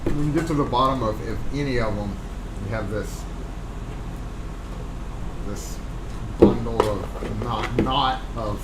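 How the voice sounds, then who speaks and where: A man's voice: medium pitch, takes it slowly, pauses often. Man, Southern accent, casual livestream host, rambling, talking to himself, echoey shop room, air-conditioning hum. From Southern United States. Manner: rambling, muttering to himself, chatting to viewers. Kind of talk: casual livestream chat while working. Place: locksmith shop workroom. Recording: roomy echo with background noise.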